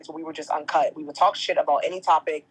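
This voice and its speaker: Animated woman in her thirties. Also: deep voice, quick pace, husky, rough recording. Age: 30s. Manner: animated storyteller, swears casually. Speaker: guest, entertainment host. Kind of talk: casual podcast interview.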